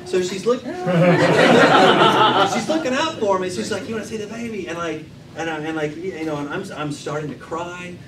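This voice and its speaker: A man telling a comedic true story to a live audience at an improv show, animated and swearing freely. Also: sits high, normal speed, very noisy. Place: theater stage with live audience. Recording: echoey room, mic from a distance, loud audience laughter.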